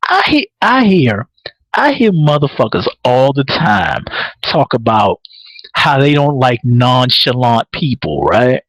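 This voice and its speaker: A man hosting a live podcast, recapping a TV episode in casual, profane, excitable talk and laughing often. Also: medium pitch, no room sound, poor audio. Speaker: podcast host.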